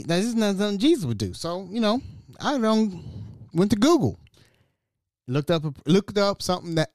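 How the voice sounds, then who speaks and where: A man hosting his own podcast, telling a story in a blunt, slangy, animated way. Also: mid-range voice, no echo, clean studio sound. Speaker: podcast host. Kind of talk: solo podcast monologue.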